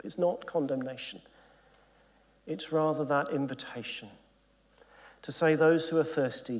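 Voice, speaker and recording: A man's voice: fairly high pitch, darkish tone. A man, a bishop giving an earnest Bible teaching to gathered clergy, sometimes dropping to a near-whisper. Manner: earnest and emphatic, drops to a near-whisper at times, acts out quoted voices. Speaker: bishop leading a Bible study. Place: conference hall.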